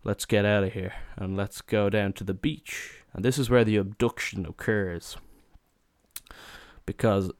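A man's voice: on the low side, steady tone, measured pace, no echo, studio quality. Young man telling a rowdy, cursing holiday story. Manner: swears a lot, acts out quotes in raised voices. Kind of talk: casual comedic anecdote.

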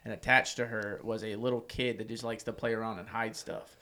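A man hosting a casual podcast, telling a story bluntly, with lots of swearing and excitement. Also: fairly low pitch, brisk, background noise.

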